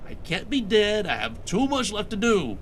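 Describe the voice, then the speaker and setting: Man voicing an exasperated adventurer, sarcastic, deadpan corrections, game fan voice-over. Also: sits high, moderate pace, slight background noise. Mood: pleading.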